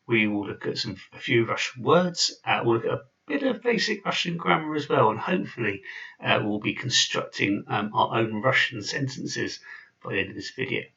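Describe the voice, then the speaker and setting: Gravelly man teaching a casual lesson. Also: mid-range voice, big pitch swings, normal speed, bright, forceful tone, far from the mic, muffled recording. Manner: chatty, with frequent fillers and restarts. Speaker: language teacher. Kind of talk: informal video lesson.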